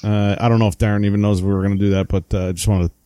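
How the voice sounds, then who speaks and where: Joking New Jersey man, dark voice. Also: on the low side, level tone, rapid-fire, no echo. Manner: joking, rambling with many fillers. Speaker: podcast co-host. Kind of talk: casual chat.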